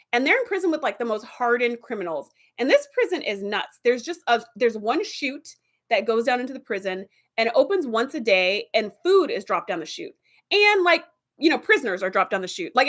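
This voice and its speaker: An animated woman hosting a vlog, telling episode plots in a casual, rambling way. Her voice sits fairly high and she fills her talk with "like" and "um.". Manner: animated, chatty, with fillers and laughs. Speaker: TV episode reviewer.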